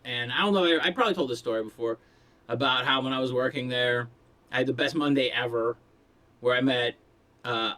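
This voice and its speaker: A man's voice: medium pitch, fairly bright tone. A middle-aged male stand-up comedian ranting in a crude, blunt, meandering way about his past. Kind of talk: profane rambling rant.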